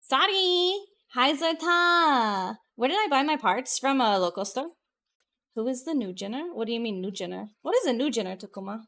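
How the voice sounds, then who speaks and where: A woman VTuber chats casually with her live viewers, excitable and profane, swinging between loud bursts and muttered asides. Her voice is a little high and she talks fast.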